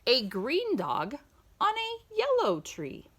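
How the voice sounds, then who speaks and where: A woman reading a children's picture book aloud in a sing-song storytime voice, pausing to ask the listener questions. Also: high voice, wildly swooping pitch.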